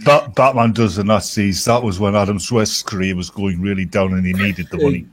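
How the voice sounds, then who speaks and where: A man's voice: on the low side, a little fast. Joking man with faint background noise. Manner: joking, stumbling over words. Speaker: guest reader on a stream. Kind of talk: casual chat.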